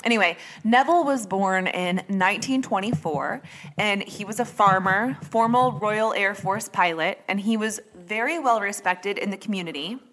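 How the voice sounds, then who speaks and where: A woman's voice: medium pitch, normal speed, a bit bright, a little hiss or hum. A woman hosting a true crime podcast in a casual, chatty way, rambling a little and correcting herself as she goes. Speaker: podcast host.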